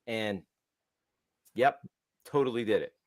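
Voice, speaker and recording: A man co-hosts a developer podcast, telling stories in a casual, rambling way full of restarts. His voice is on the low side and slow, recorded in studio quality with no echo, in a casual tech chat.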